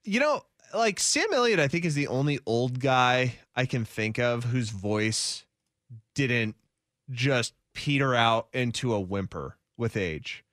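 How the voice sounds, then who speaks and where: Nasal, lively male radio co-host. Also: mid-range voice, slow, no echo, clean studio sound. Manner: playful, animated banter. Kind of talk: casual sports radio chat. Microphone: studio microphone.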